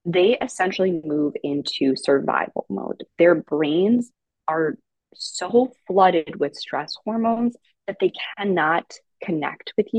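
Woman, parenting coach, low voice, dry close podcast recording, patient and explanatory. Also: takes it slowly, no echo, rough recording. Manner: calm, explanatory, uses many fillers. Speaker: parenting educator guest. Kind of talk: casual advice chat.

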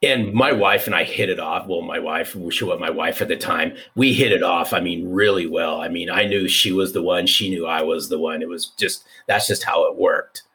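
A man in his fifties, a podcast guest telling a personal story in an animated, repeating way. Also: deep voice, normal speed, few pauses. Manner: animated, restarts, repeats for emphasis. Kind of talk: conversational storytelling.

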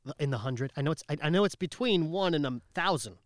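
A man's voice: fairly high pitch, lively intonation, quick pace, dry recording. A man with a stuffy nose co-hosting a podcast in a studio, rambling and joking as he talks. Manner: rambling, jokey, stumbling over words. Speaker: podcast co-host. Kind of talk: casual podcast chat.

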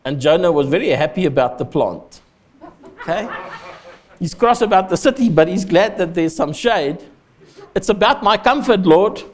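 A man's voice: on the high side, expressive, moderate pace, darkish tone. A man preaching a sermon, emphatic and conversational, with small asides to the congregation. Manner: emphatic, rises to stress points, conversational asides. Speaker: pastor.

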